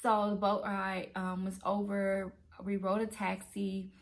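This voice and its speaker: A woman telling a true travel story in a casual, animated way, acting out her own reactions. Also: medium pitch, a little slow. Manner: animated, excitable retelling. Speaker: travel vlogger.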